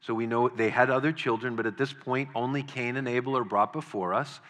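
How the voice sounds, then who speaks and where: A man's voice: mid-range voice, steady tone, a little fast, a bit bright, in a large hall. A man preaching a sermon in an earnest way, repeating words for emphasis.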